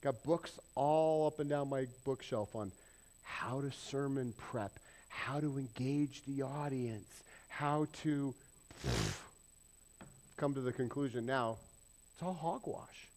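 A man's voice: medium pitch, expressive, takes it slowly, darkish tone. A middle-aged man preaching a casual, conversational sermon in a church, with self-deprecating asides. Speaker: pastor. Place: church sanctuary.

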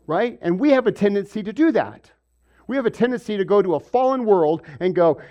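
A pastor giving a sermon, moving from quiet stretches to loud, emphatic preaching and asking his congregation questions. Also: high voice, big pitch swings, fairly quick, muffled recording. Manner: asks the audience questions. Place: room with a congregation.

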